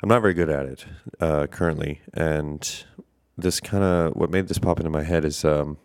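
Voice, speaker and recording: A man with an extremely low voice talks through a casual podcast monologue, congested and breathing through his mouth. He rambles and hesitates with plenty of fillers and a tired, self-deprecating air. The sound is dry and close, with no room around it. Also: steady tone, moderate pace, darkish tone, clear, resonant tone, no room sound. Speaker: podcast host.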